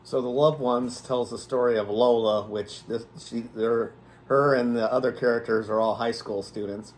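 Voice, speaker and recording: A man with a mid-pitched voice talks through a horror movie in a casual chat. He hesitates a lot and restarts his sentences as he explains. Faint noise hums behind him. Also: steady tone, normal speed. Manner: hesitant, many ums and restarts while explaining. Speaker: co-host of a horror movie review channel.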